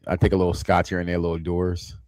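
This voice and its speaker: A man's voice: low voice, completely flat delivery, rapid-fire, a little mellow, no room sound, clean studio sound. A man co-hosting a casual gaming podcast, joking and teasing in loose banter. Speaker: podcast co-host.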